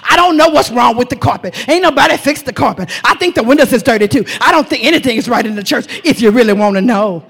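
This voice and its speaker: A woman's voice: fairly high pitch, lively intonation, fast, few pauses, husky, voice pushed down. A woman voicing a complaining churchgoer who finds fault with everything, in a whiny, nagging way. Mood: grumbling.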